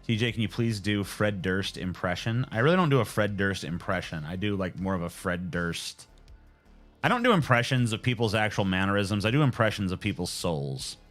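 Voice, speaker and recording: A man's voice: on the low side, animated, a little fast, fairly bright tone, faint music behind. A man in his twenties chatting casually on a live stream, joking and swearing as he answers viewers. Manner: joking, profane, laid-back.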